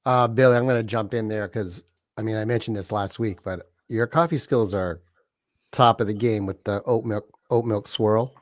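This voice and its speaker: A man with a lower voice jumps into the host's talk from off-mic, casual and friendly. The sound is dry, with a bit of distance. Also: normal speed, no room sound. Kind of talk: casual chat.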